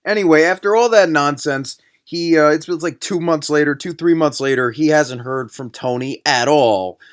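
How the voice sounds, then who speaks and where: A man's voice: a little high, moderate pace. A young man giving a comedic movie-review rant, sarcastic, profane and exasperated. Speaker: film reviewer.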